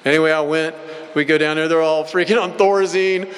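A man's voice: a little high, fairly even intonation, brisk. A man giving a personal recovery testimony at a meeting, telling stories in a blunt, rambling, casual way full of filler words. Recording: hall with long reverb.

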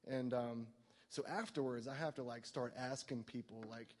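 A man's voice: mid-range voice, steady tone, normal speed, long reverb tail, a little hiss or hum. A man telling his personal recovery story to a meeting, rambling and self-mocking, filling his talk with "like" and "you know". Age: adult, no longer young.

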